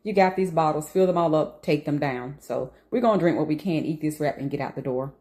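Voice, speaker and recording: A woman's voice: low voice, a little fast. A woman vlogging in a casual, rambling chat, talking while she eats and admitting she is anxious. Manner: rambling, animated, talks while eating; rambling and animated.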